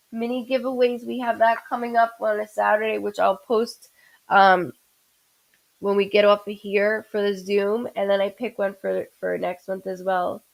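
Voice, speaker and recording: Woman host on a live stream, fairly high voice, chatty, calls out viewers by name. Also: gravelly.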